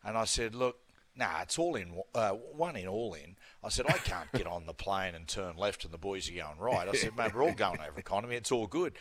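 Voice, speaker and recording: Animated Australian man spinning yarns. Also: on the low side, brisk. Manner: animated storyteller, blokey banter. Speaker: radio co-host. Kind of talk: casual sports radio banter.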